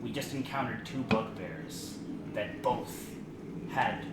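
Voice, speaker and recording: A man's voice: on the low side, slow. A man playing in a tabletop game, earnest and insistent. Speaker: player. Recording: echoey room, loud noise.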